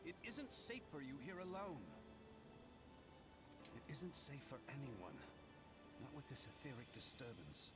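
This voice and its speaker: A man's voice: mid-range voice, sing-song, a little slow, pauses often. An actor playing a courteous male guard who speaks formally and protectively, in a video game. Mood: earnest. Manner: formal, old-fashioned speech. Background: game music.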